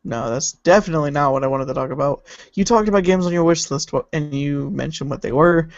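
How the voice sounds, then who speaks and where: Excitable man on a lo-fi podcast. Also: fairly high pitch, fast talker, no room sound. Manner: chatty, excitable, trails off while searching. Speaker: podcast co-host. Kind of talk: casual chat.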